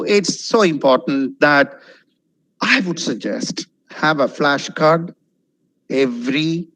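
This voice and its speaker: A man's voice: a little high, poor audio. A man giving a spoken English webinar as a trainer, stretching words and swinging his intonation up and down to demonstrate. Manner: animated, drawn-out demonstrative intonation. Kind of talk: webinar lecture. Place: online webinar. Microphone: video call.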